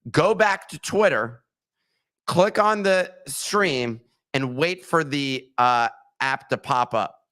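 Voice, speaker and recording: A man co-hosting a casual podcast chat, talking in an animated way and walking listeners through steps. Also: medium pitch, slow pace. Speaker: podcast co-host.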